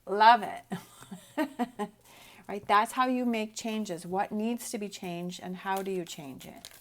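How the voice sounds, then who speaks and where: A woman's voice: mid-range voice, measured pace, fairly bright tone. Encouraging woman reading tarot cards. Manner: upbeat, encouraging, keeps asking "right?". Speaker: tarot reader.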